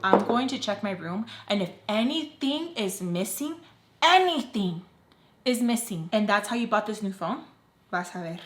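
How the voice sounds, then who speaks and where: A woman's voice: mid-range voice, brisk, roomy sound, natural voice. A woman voicing a suspicious, interrogating older woman guardian in a storytime vlog, pressing with repeated questions. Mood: accusing. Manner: accusing, repetitive questioning.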